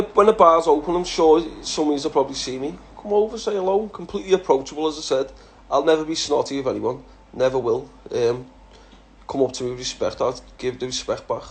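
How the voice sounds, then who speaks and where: A fairly quick, slightly high male voice: an Englishman in his thirties who, as a social media personality, answers follower questions in a casual chat. He's blunt, swears, and calls people lad often.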